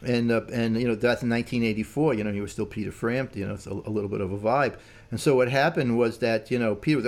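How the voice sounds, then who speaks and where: A man's voice: medium pitch, steady tone, fast talker, darkish tone. An older man, a musician, telling stories in casual talk, rambling and full of "man" and "you know". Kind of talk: casual storytelling.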